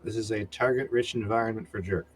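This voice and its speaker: A man playing a tabletop game, measured and thinking aloud with pauses. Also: lowish voice, slight background noise. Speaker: player. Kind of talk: casual tabletop play.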